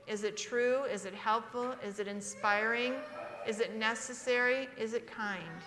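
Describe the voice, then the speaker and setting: A woman's voice: a little high, background noise. A woman in her sixties preaching a sermon, emphatic and asking the congregation questions. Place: church sanctuary. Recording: reverberant church livestream.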